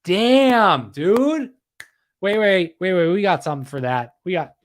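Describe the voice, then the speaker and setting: A man's voice: high-pitched, animated, fairly quick. A man hosting a casual livestream history podcast, rambling, repeating himself and reading out viewer comments. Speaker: podcast host.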